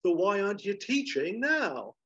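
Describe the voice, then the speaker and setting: A man voicing a brash, self-assured cowboy hero with an emphatic, drawn-out delivery. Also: high-pitched, very animated, fairly bright tone, breathy edge, voice pushed up, heavily acted. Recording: slightly dull lo-fi recording.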